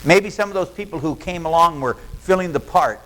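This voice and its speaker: A man's voice: on the high side, fairly quick, a bit bright, poor audio. A male pastor, preaching a sermon in a folksy storytelling way and acting out what people in the story say. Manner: folksy storytelling, acts out quoted lines.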